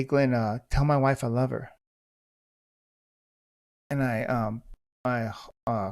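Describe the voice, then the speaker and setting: A man's voice: medium pitch, a little mellow. Blunt, profane male podcast host. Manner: blunt, profane, intense storytelling. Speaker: podcast host, former police officer. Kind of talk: storytelling monologue.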